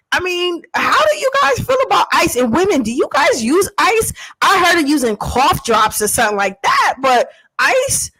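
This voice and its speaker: A woman's voice: sits high, fairly bright tone, poor audio. A woman co-hosting a podcast in casual chat, teasing her co-host and reading out listener comments.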